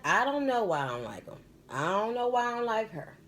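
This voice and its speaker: Animated, rambling woman medium. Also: fairly low pitch, fast, a little hiss or hum. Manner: animated, rambling, emphatic, slangy. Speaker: spiritual medium hosting a live stream. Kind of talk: live-stream storytelling and advice.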